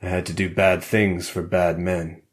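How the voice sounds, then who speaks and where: A man's voice: low voice, flat delivery, a little slow. A man voicing a tired middle-aged scientist in a thriller audiobook, confessional and resigned. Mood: weary.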